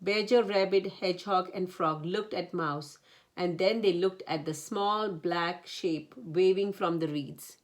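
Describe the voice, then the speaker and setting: Slow, low-voiced woman reading a storybook. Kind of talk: reading a children's picture book aloud.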